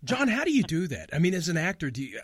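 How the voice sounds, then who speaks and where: A man's voice: on the high side, huge pitch swings, fast talker, breathy edge, no echo, studio quality. A man hosting a casual talk show, jokey and enthusiastic, laughing often. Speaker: host.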